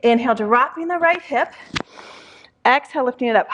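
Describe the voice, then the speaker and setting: A woman's voice: high voice, fairly quick, fairly bright tone, muffled recording, slight background noise. A young adult woman instructor talking through a Pilates workout while doing it, out of breath, counting reps with sighs between them.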